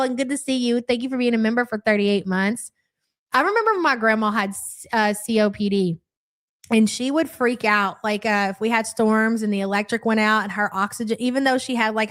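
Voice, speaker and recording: Sarcastic, blunt woman streamer with a high voice. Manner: blunt, sarcastic, swears freely. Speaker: live reaction streamer. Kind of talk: casual live-stream commentary.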